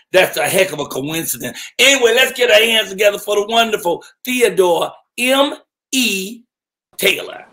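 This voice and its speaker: A male morning show host who talks loud and hyped and calls on the audience. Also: high voice. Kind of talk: hype talk show hosting. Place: studio in Los Angeles.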